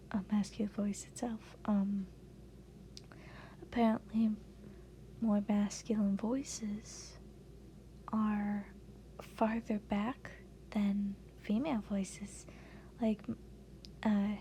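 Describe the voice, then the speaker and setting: A woman talks through a casual tutorial voice-over in a soft, breathy half-whisper. She moves slowly and hesitantly, leaning on fillers as she explains, and her tone is mellow and warm rather than bright. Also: medium pitch, a little hiss or hum. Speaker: voice-acting tutorial creator.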